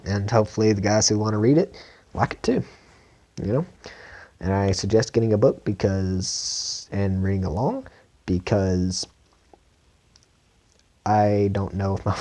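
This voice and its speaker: A man with a Southern country accent reads a novel aloud in a relaxed, informal manner, his voice low and mellow. He stumbles now and then and repeats words, and his mouth sounds dry. The sound is close and dry, with no room echo. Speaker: audiobook reader. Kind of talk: amateur audiobook reading.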